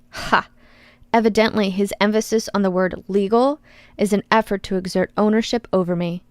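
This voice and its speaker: A woman's voice: medium pitch, darkish tone, clean tone, no echo. A woman narrating an audiobook in the first person, with a wry, sarcastic edge.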